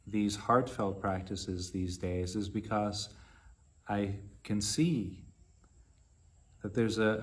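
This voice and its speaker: A meditation teacher delivers a dharma talk in a low-set, husky male voice. He speaks very slowly and deliberately, leaving long pauses between short phrases.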